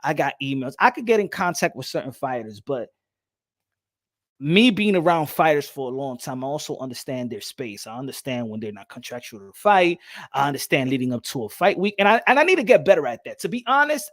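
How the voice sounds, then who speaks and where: Podcast host guy, talks animated and laughs a lot, voice swings all over. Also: on the high side, brisk, no room sound, clean studio sound. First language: Spanish. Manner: animated, laughing, switches into Spanish. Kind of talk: casual chat.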